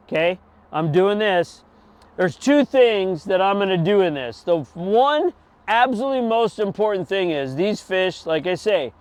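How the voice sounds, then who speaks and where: Man, middle-aged, fishing instructor; smooth, clear tone, slightly high, demonstrating patiently and checking "okay?". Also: moderate pace, no room sound. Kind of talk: outdoor how-to lesson.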